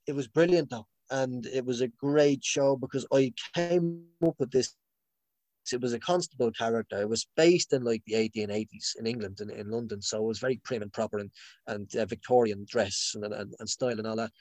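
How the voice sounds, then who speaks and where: A young man talks a little fast in a medium-pitched, darkish voice, recorded dry. The conversation is casual and rambling. Restarts and fillers are frequent, and he laughs a lot.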